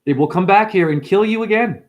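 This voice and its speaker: A man's voice: high-pitched, fairly quick. A man giving an intense, profane spiritual sermon to camera, firing rhetorical questions at the viewer. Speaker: spiritual teacher. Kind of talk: unscripted preaching monologue.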